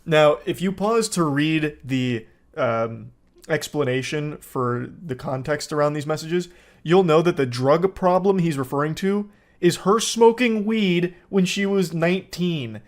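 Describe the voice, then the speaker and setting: A man's voice: a little high, measured pace. A man giving sardonic, incredulous comedic commentary while reading text messages aloud.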